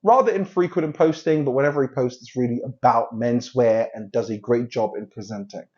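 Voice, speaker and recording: A man's voice: mid-range voice, a little fast, darkish tone, highs cut off. A man from London hosting a casual commentary, rambling and joking at himself, often trailing off and restarting. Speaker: host.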